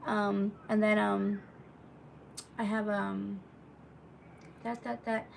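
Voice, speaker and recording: Gravelly-voiced woman rambling on a live stream. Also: medium pitch, level tone, slow, recorded from a distance, a little hiss or hum. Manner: rambling, chatty, full of "like" and asides to viewers; reads viewer comments aloud mid-story. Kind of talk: casual storytelling on a live stream.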